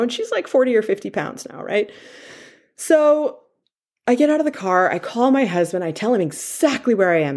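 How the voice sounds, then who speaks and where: A woman's voice: lowish voice, darkish tone. A woman in her forties telling a personal story in a candid, confessional way, with plenty of fillers. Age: 40s.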